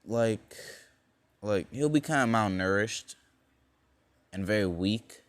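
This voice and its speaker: A young man casually spinning a fan-made what-if story. His voice sits low and his pace is slow and drawn out. He rambles, leans on fillers, and corrects himself as he goes. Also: no echo.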